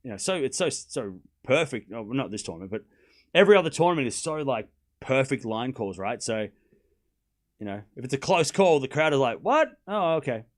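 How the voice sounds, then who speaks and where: A young man hosting a live tennis watchalong, chatting excitedly with viewers and calling scores. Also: medium pitch, a little fast. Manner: chatty and excitable, laughs often, repeats phrases, calls out live scores. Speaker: livestream tennis watchalong host. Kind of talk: casual live-stream commentary chatting with viewers.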